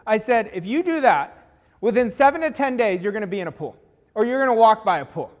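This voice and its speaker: A man's voice: sits high, animated, brisk. A man giving a motivational talk as a coach, speaking emphatically and repeating key lines for weight. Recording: long hall reverb.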